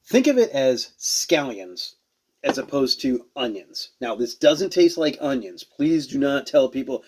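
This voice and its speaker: A man's voice: medium pitch, big pitch swings, a little slow, slightly rough. A man casually reviewing and tasting beers on a show he hosts, rambling and searching for words as he goes. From Rhode Island. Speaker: beer reviewer.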